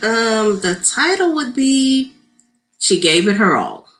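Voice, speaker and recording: Slow, bright-voiced woman. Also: on the high side, very animated, slight background noise. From Louisiana. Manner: slow, cheerful, laughs easily. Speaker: school principal, guest. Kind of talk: casual interview.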